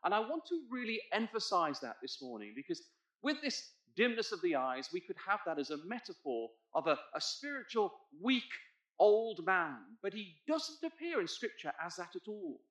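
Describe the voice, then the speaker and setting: This preacher's voice is high-pitched and very animated, at a moderate pace. In an echoey church hall he works through the Bible text with his congregation, asking them to look in their Bibles, and gets emphatic and loud on key points.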